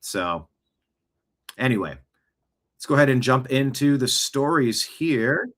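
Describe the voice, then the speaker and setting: A man's voice: medium pitch, expressive, measured pace, fairly bright tone. A man hosting a show, giving casual, rambling political commentary and reacting to clips, with conversational asides. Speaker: show host. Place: home studio, seated.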